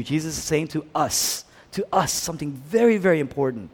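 A man preaching a sermon, emphatic and repetitive, swinging between hushed and loud passages. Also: a little high, animated, brisk, big-room sound. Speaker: pastor.

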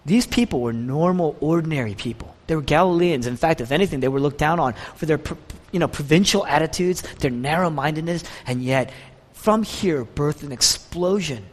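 A man preaching a sermon as pastor, passionate, with wide swings in pitch and volume. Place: church sanctuary. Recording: church hall with long reverb.

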